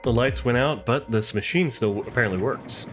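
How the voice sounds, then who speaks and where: A man's voice: mid-range voice, brisk, over music. A man streaming a video game, muttering casual asides and fillers while he plays.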